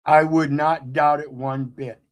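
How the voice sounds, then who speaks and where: A man's voice: fairly high pitch, little pitch movement, a little slow. A man giving impassioned commentary as host, fiery, preachy and profane.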